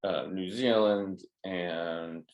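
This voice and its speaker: Low-voiced man telling a travel story. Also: fairly even intonation, very slow, muffled recording. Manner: rambling storyteller, many restarts and fillers. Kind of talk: casual chat.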